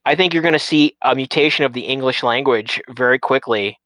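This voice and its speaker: Casual male talker, mid pitch, stumbling restarts, very dry booth-like sound. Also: a little fast, bright, forceful tone, dry recording, low-quality recording. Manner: rambling, many restarts and repeated words. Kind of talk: casual chat.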